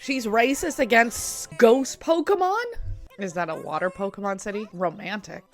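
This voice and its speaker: A woman's voice: medium pitch, normal speed, soft background music. A young woman chatting casually and giggling as she reacts to a cartoon at home. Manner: chatty and giggly, full of filler "like". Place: home room at a desk chair.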